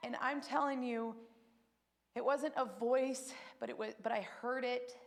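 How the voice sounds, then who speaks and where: A woman shares her personal testimony at church, telling her story emotionally and acting out what other people said. Her voice is fairly high and gravelly, and she speaks a little slowly, animated throughout.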